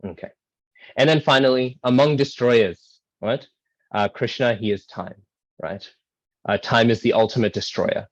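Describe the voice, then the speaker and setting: A man's voice: mid-range voice, unhurried, no room sound, dull audio. A man explaining a scripture verse in a casual online class, with many ums and rhetorical "right?" checks. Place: online video call.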